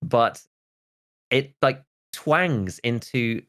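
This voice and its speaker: A man's voice: medium pitch, animated, extremely slow, fairly bright tone. A man in his thirties, a podcast host chatting casually and rambling, with lots of "like" and restarts. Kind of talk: casual chat.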